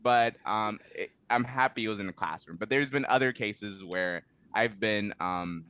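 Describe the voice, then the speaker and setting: A man being interviewed in a casual conversation, relaxed and quick to laugh, with many fillers and restarts. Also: on the low side, smooth. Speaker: interview guest, translation company head.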